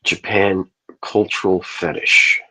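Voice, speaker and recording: A man's voice: deep voice, flat delivery, slow pace, pushed and bright. A man hosting a livestream, telling a long rambling story in casual, profane speech. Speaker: livestream host.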